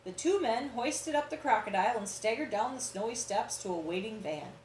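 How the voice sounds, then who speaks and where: A woman reading a picture book aloud to children, expressive, pausing to ask her listeners questions. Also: fairly high pitch. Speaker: storyteller. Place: church room. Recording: roomy echo, faint background hum.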